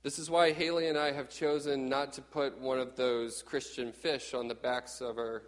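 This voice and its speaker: A middle-aged man from Texas preaching a sermon in a lively, conversational way, often acting out quotes. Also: mid-range voice, moderate pace, long reverb tail. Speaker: pastor.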